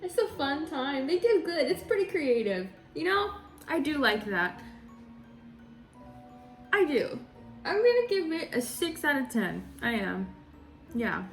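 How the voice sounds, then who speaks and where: A woman's voice: high voice, sing-song, measured pace, long pauses, faint music behind. A woman vlogger in casual reaction commentary, laughing often and trailing off mid-thought.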